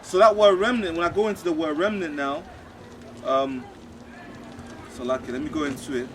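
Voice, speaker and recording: High-voiced man reading scripture outdoors, off-mic. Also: fairly even intonation, distant mic. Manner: slow, measured reading with hesitant fillers between passages. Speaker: scripture reader.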